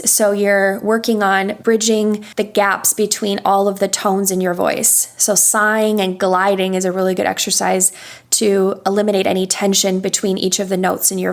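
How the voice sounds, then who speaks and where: A woman voice coach with a medium-pitched voice speaks in a podcast interview. She patiently explains vocal warm-up exercises and demonstrates hums and sighs.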